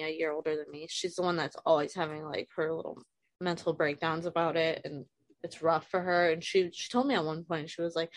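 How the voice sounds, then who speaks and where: Woman, 30s, low voice, dry sound, candid and emotional, video-call guest. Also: dry recording. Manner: frank, emotional, swears casually. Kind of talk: candid personal conversation.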